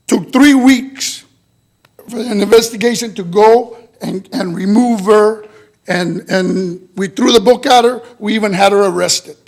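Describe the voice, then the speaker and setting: A man speaking in public comment at a school board meeting, listing complaints in short clipped statements. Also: high-pitched.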